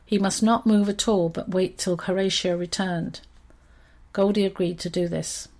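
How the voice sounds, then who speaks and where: A woman reading a children's story aloud in an expressive, steady storytelling manner. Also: medium pitch, moderate pace.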